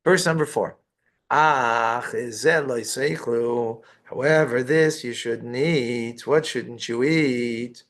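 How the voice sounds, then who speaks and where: Gravelly man explaining a text. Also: medium pitch, slow, a bit bright. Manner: reads Hebrew phrases then explains in English, with asides and rhetorical questions. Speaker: rabbi teaching Torah. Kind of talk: text-study lesson, translating line by line.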